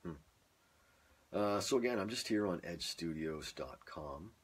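Deep, husky-voiced man reading scripts. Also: animated, slow. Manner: rereads each script line several times in different ways. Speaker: voice-over hobbyist streaming his practice. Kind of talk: practicing voice-over script reads between casual chat. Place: garage. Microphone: microphone on a stand, phone in front.

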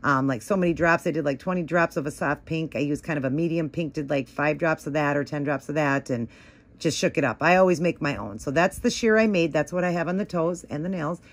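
A woman with a notably low voice talks through her nail art at home. She rambles casually, full of "like" and "um", explaining each step as she paints. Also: fairly quick. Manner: chatty, rambling, many "like" and "um" fillers. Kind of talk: casual tutorial talk.

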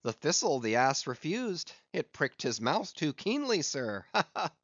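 A man voicing a jaunty young-ish sailor mate full of bravado, tossing off a mocking quip in a raised voice. The delivery is slow and close, with a dry, slightly dull sound. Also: a little high, big pitch swings, a bit bright, slightly rough, dry recording, voice pushed up, full character voice. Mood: jeering. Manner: mocking, laughing.

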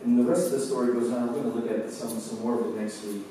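A man's voice: medium pitch, steady tone, fast, hardly any pauses, dark tone, a little hiss or hum. Man preaching in an echoey church. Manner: conversational storytelling with stammered restarts. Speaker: pastor. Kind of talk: sermon. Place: church sanctuary. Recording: echoey church hall, mic far off.

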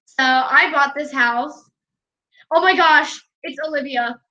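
Young female gameplay narrator, high and bright tone, unhurried and giggly. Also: lo-fi sound. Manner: giggly, chatty, often laughing. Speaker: gameplay vlogger. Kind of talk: casual gameplay commentary.

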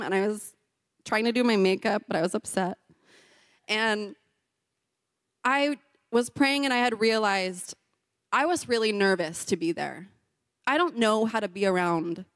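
A woman's voice: medium pitch, unhurried, pauses often, dry recording, studio quality. A middle-aged woman giving a sermon as a pastor's wife, telling a personal story with laughs and acted-out voices. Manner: animated, laughs often, acts out voices in her story.

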